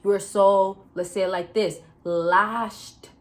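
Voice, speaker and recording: A woman vlogger giving casual dating advice straight to her viewers, chatty and direct, often calling out to the guys and checking in with a quick question. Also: mid-range voice, flat delivery, mellow. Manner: chatty, repeatedly addresses "fellas" and checks with "right?". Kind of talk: casual advice talk to camera.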